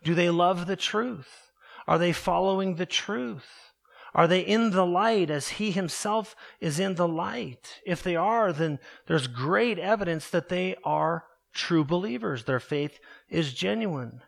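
A man preaching a sermon earnestly, slowing down and dropping his voice low to stress key words. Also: expressive, vocal fry. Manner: earnest preaching, slows and drops low for emphasis. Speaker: pastor.

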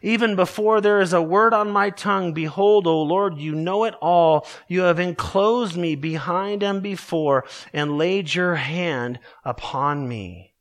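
A man preaching a sermon, earnest and emphatic, slowing down to stress scripture verses. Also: high-pitched. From Colorado, USA. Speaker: pastor.

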